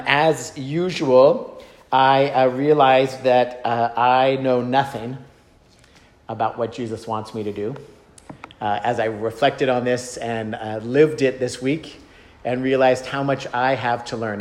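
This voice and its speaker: A man preaching a conversational sermon, telling a self-deprecating personal story with frequent fillers and asides. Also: mid-range voice. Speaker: pastor. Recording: echoey hall, faint room noise.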